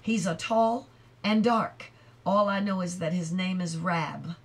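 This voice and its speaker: An anxious young apprentice boy in a storybook, pleading his case in a raised, strained voice, as a woman acts him out. He speaks slowly, pushing his words up in pitch. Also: fairly even intonation.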